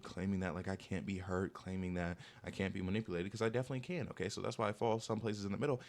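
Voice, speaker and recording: A young man with a mid-range voice delivers dating advice in a casual monologue, talking fast and leaning on "like" and "okay?", and mimicking people in mocking put-on voices when he quotes them.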